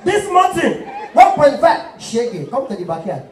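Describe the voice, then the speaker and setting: A brash, penny-pinching haggler put on by a comedian who barks prices in a shrill, high voice. He talks loud and rude. The sound carries through a roomy live hall, heard from far off. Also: wildly swooping pitch, unhurried, some chatter behind, a little hiss or hum, full character voice. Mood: loud haggling. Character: excitable, penny-pinching man booking a wedding MC. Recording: roomy live stage, distant mic.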